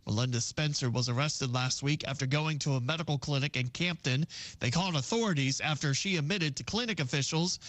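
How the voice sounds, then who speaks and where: A man reading a formal radio newscast in a steady, even manner from a studio. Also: a little high, fairly quick, no echo. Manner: steady, formal news delivery. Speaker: news reader.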